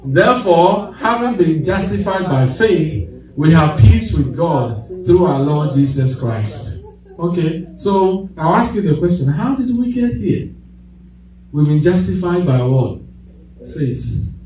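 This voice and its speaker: A man's voice: fairly high pitch, animated, slow, mellow. A man preaching a sermon, leading his congregation in call-and-response and breaking into bursts of laughter as he tells stories. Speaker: pastor. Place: church. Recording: echoey church hall, distant mic.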